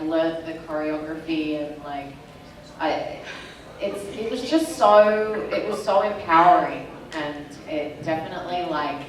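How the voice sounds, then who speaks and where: Low-voiced woman in an echoey hall. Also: recorded from a distance, slight background noise. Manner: enthusiastic, rambling. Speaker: actress on a convention panel. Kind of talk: casual panel chat. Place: convention panel hall.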